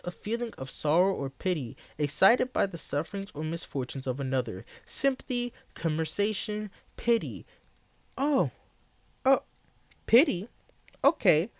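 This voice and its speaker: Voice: mid-range voice, dry recording. A livestreamer ranting to chat in a blunt, sarcastic, exasperated way, repeating phrases for emphasis.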